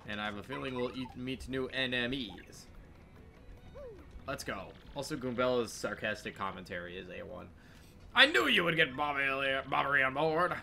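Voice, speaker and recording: A man commentating a let's play, emotional and excitable, laughing often. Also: medium pitch, normal speed, creaky, a little hiss or hum. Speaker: gamer playing through a story game.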